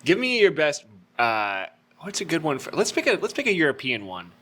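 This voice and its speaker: A man co-hosting a podcast, trading loud, profane banter and laughing often. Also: on the high side, wildly swooping pitch, brisk. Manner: laughs a lot, swears freely. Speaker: podcast co-host. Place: indoors in a warm room.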